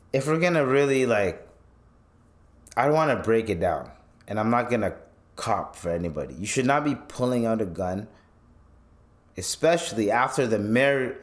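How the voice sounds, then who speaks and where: A man hosting a podcast, telling stories in a loose, profane rant and acting out the people he quotes. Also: fairly low pitch. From Canada. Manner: animated storytelling, acts out quotes, swears freely. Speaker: podcast host. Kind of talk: casual commentary rant.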